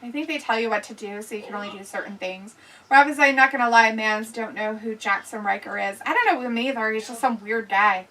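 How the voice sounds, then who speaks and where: High bright-voiced woman host, chatty. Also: a little fast, distant mic, poor audio. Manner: chatty, laughs often, reads comments aloud. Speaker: livestream host reading chat. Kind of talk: casual watch-along chat.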